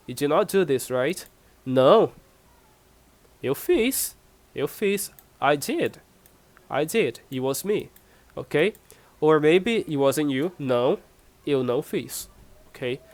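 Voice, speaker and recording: A man from Brazil with a Brazilian accent, speaking English as a second language while he teaches an online class, patiently repeating himself and giving examples. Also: fairly high pitch. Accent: Brazilian Portuguese. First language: Portuguese. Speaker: Portuguese teacher.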